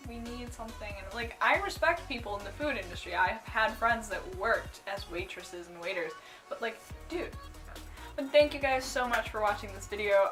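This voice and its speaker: A young woman with a bright, crisp voice rambles through a casual story time. She fills her talk with "like" and "um" and breaks into giggly squeals. Faint music plays softly behind her. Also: mid-range voice. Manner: rambling, full of "like" and "um"; giggly, bursts into excited squeals. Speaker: cosplay vlogger.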